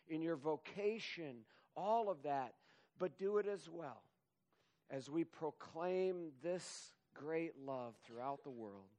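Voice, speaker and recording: A man delivering a sermon at an unhurried, deliberate pace. His voice sits somewhat high for a man, and he leans into earnest, emphatic appeals to his listeners. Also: a little mellow. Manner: slow, earnest, rising to emphatic exhortation. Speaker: preacher.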